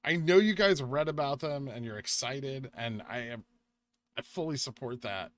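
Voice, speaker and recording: A young man hosting a casual livestream, chatting with viewers, reading out donations and making quick asides. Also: medium pitch, dry recording. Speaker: livestream host.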